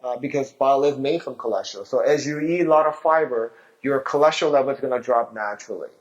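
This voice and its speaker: A man's voice: medium pitch, fast. Man, physician, health talk, rhetorical questions, dull lo-fi recording. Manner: explanatory, asks rhetorical questions.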